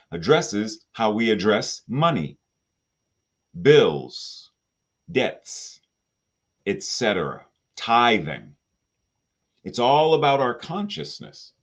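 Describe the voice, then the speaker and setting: A man's voice: lowish voice, highs cut off. A man, the spiritual director of a spiritual center, delivering a sermon with rhetorical questions and playful asides.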